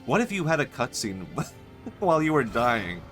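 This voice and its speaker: A man's voice: mid-range voice, sing-song, moderate pace, a bit bright, faint music behind. A young man streaming a game, chatting in a playful, rambling way and laughing often. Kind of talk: casual gameplay commentary.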